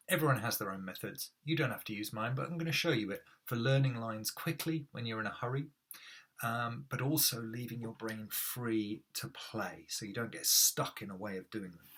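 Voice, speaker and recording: A middle-aged acting coach talks straight to camera in a loose, chatty manner, full of ums and little asides. His voice is husky and sits at an ordinary male pitch. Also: normal speed, fairly bright tone. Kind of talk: casual instructional talk to camera.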